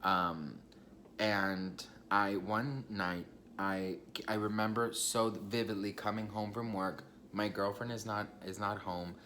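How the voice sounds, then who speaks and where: Young man dishing gossip in a lowish voice. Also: fairly even intonation, slow, sharp tone, a little hiss or hum. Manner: chatty, gossipy, swears casually and addresses the viewers directly. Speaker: vlogger. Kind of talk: casual storytime vlog.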